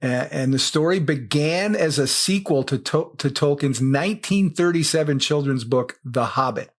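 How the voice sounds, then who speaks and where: A man's voice: on the high side, moderate pace. A man with an American Midwestern accent, co-hosting a podcast in a chatty, playful way and speaking to listeners. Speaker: podcast co-host. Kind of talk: conversational podcast interview.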